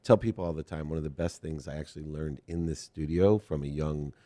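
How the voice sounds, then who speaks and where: Very deep-voiced middle-aged man, earnest. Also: fairly quick, dark tone. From Ohio. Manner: rambling, earnest storytelling. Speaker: podcast host. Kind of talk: conversational interview.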